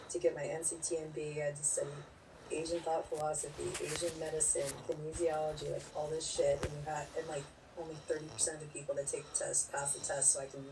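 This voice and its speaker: A low-pitched woman in her forties talks loosely with viewers, blunt and rambling, with curses dropped in along the way. Her voice sits back from the mic, and a faint hiss runs under it. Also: darkish tone. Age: 40s. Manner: blunt, rambling, swears freely. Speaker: live streamer. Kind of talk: casual chat reading viewer comments. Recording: distant mic with faint background noise.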